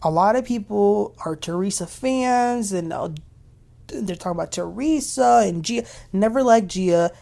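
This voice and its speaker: A woman's voice: medium pitch, lively intonation, measured pace, creaky, warm tone. A woman hosting a casual TV recap, chatty and opinionated as she retells scenes. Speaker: reality TV recap host. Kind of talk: casual episode recap commentary.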